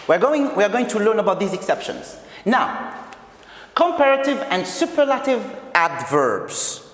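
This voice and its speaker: A man's voice: high voice, big pitch swings, unhurried, a bit bright. A male English teacher from Algeria giving a recorded video lesson, repeating key phrases and explaining step by step. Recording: echoey room with long reverb.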